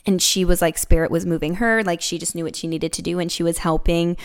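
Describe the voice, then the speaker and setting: A woman's voice: lowish voice, fairly even intonation, quick pace, clear, resonant tone. A young woman hosting her own show, telling a personal story in a chatty way and often repeating words. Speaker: podcast host.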